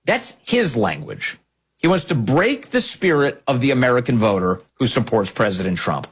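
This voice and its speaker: Husky man delivering emphatic commentary. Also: mid-range voice, big pitch swings, normal speed. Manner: emphatic, scornful, repeats phrases for effect. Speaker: political commentary host. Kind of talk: political commentary monologue.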